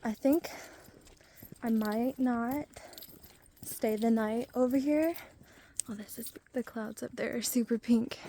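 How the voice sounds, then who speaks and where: A woman's voice: fairly high pitch, slow, long pauses, mellow, a little hiss or hum. A woman chatting casually while out of breath on a mountain trail, rambling and self-deprecating into a handheld camera. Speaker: vlogger. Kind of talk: casual vlog chat while hiking.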